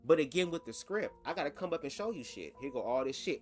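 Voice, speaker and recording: A man hosts a reaction vlog in a chatty, sassy, profane flow. His voice sits a little high, with faint music in the background. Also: animated, fast talker. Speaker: commentary host.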